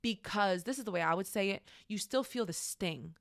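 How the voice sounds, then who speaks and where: A woman leads a faith-based class, speaking frankly and talking straight to her listeners. Her voice sits at a middle pitch. The sound is dry and close. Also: lively intonation, normal speed, gravelly, no room sound. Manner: conversational, frank, addresses listeners directly; acts out quoted voices. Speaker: class teacher. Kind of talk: faith-based teaching talk.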